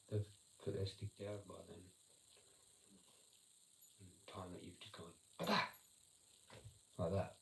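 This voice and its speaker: A man rambles through a casual livestream, swearing freely and punching out little sound effects. His voice sits low and gravelly. He is picked up in an echoey room with loud noise behind him.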